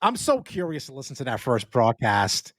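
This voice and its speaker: A man with a New York accent holds forth on a casual sports podcast, cursing freely and restarting his sentences. His pitch swings widely as he rants. The sound is dry and close, with no room echo. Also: moderate pace. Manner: animated, swearing, lots of restarts. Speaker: podcast co-host.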